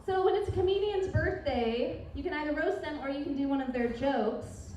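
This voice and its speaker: A woman's voice: high voice, normal speed, highs cut off, noisy background. A woman comedian doing a rambling stand-up set at an open mic in a bar. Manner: rambling, self-interrupting delivery. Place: bar with live audience. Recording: echoey bar, recorded from far off.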